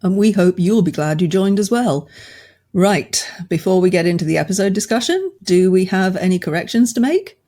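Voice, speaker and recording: A woman co-hosting a podcast, explaining things in a measured way. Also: mid-range voice, expressive, mellow. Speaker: podcast co-host. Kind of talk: casual podcast chat.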